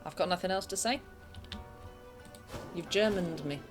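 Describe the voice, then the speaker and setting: Music plays in the background as an English woman with a lowish voice talks at normal speed while streaming a game in her bedroom. Her chat is casual and self-deprecating, and she wanders off topic easily.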